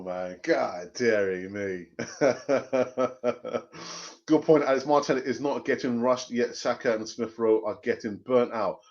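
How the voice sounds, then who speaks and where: A middle-aged man, hosting a fan live stream, animated and jokey, laughing often and repeating phrases. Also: fairly high pitch. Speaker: fan channel host reading live chat. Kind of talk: casual live-stream chat. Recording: dull lo-fi sound.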